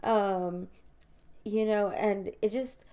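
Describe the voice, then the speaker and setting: A woman's voice: medium pitch, steady tone, drawn-out words, mellow. A woman with school-age children hosts a personal spiritual podcast, talking reflectively and confessionally, full of "you know" and "like", and calling her listeners "you guys". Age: adult mother of school-age children. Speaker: podcast host.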